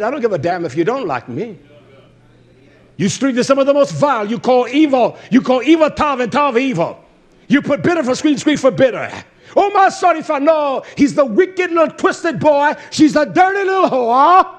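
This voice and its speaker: A man delivers a fiery sermon in a raised, high voice. His pitch leaps all over the place. He shouts and curses, then falls to a low mutter. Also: sing-song, normal speed. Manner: shouting, cursing and swinging between loud outbursts and low muttering. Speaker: preacher. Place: religious feast gathering.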